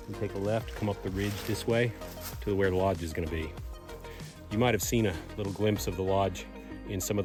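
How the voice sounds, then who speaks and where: A man narrates a casual vlog in a lowish voice. He sounds easygoing and chatty, dropping an "uh" now and then as he thinks. Soft music plays faintly underneath. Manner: easygoing, chatty, with frequent "uh" pauses. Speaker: vlogger and property owner.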